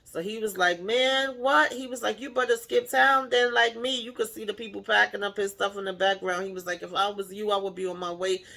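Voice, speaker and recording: A woman recapping a TV episode in casual chat, acting out the characters' lines with animated shifts in voice and laughing along. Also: mid-range voice, a little fast, gravelly, few pauses. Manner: animated retelling, playfully acts out the characters' lines; laughs while retelling. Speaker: TV show recapper.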